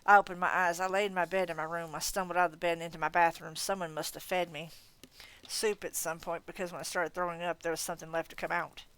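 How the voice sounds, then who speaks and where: A woman reading a novel aloud in an expressive, casual manner. Her voice is getting tired. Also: lowish voice, fast talker, clear, resonant tone. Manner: expressive reading, breaking off to laugh and comment. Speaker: audiobook reader.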